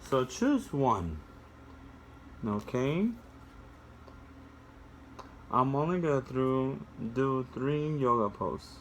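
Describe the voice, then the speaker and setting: A man's voice: mid-range voice, drawn-out words, pauses often, a little hiss or hum. Sing-song man reading a kids' storybook. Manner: sing-song, animated, talks to kids directly. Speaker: children's story reader. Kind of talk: reading a picture book aloud to children with asides.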